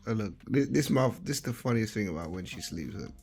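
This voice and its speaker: A young father chatting playfully to camera at home, with lots of slang, sometimes murmuring softly by a sleeping baby. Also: on the low side, lively intonation, brisk, creaky, slightly rough, soft background music. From Britain. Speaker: vlog host, father. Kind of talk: casual chat to camera.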